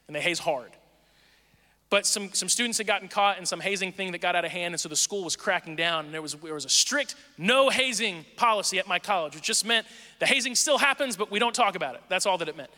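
Storyteller, man in his forties, animated delivery that acts out other voices, fairly high voice, in a reverberant hall. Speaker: speaker telling a personal story. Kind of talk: casual storytelling monologue.

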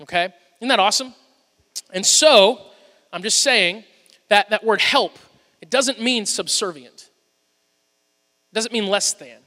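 Preaching in the sanctuary, this pastor tells humorous stories in an easy, conversational manner. His high, bright voice sounds pushed, and he speaks a little slowly, leaving long pauses. The big hall gives the audio a long, echoing reverb.

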